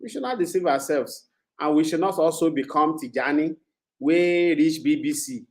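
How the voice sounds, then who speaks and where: A man with a Nigerian accent, a panelist in a casual podcast discussion, speaking in a measured way and mixing in Pidgin. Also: fairly high pitch.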